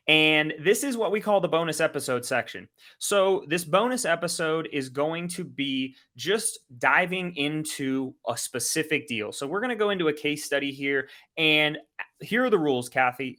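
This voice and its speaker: A man's voice: a little high, bright, forceful tone. A man hosting a podcast, introducing a guest and laying out the rules in an upbeat, friendly way. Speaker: podcast host. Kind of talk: conversational podcast interview.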